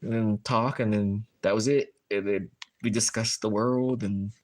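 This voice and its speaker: A man's voice: on the low side, fairly even intonation, unhurried, a little mellow. A man chatting casually on a livestream while tying fishing jigs, telling rambling stories full of fillers.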